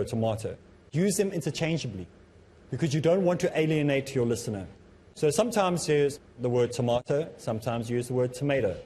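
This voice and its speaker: A man with a South African accent giving a steady lecture on public speaking, calling himself a bit monotonous. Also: mid-range voice, slight background noise. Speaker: Islamic teacher.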